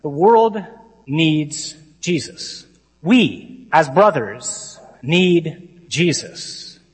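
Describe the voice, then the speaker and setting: A man, a priest, giving a lively conference talk to a crowd of men. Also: a little high, husky. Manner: lively, mimics stuffy readings. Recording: long hall reverb.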